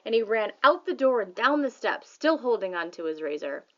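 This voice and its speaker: A woman narrating a children's novel as an audiobook reader, in a plain, steady manner. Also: on the high side, normal speed. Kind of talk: scripted narration. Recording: slightly dull audio.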